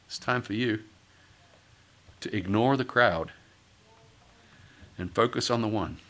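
A middle-aged male pastor preaching a sermon, acting out quoted voices and building to loud, forceful peaks. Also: lowish voice, takes it slowly. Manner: dramatic, acts out quoted voices, rises to shouting peaks.

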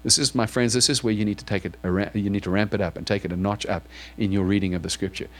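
A man's voice: on the low side, steady tone, quick pace. A man preaching to his congregation in church, reading scripture aloud and then asking it probing questions. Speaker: pastor. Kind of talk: sermon.

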